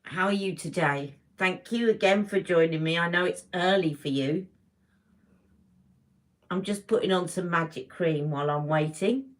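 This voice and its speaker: A woman hosting a casual beauty livestream, chatting warmly and greeting viewers by name as she talks. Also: deep voice. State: emotional, close to tears.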